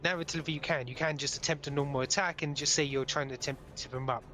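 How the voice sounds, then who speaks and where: A man's voice: a little high, steady tone, racing, pushed and bright. A man running a tabletop game as game master, directing the players and narrating the action.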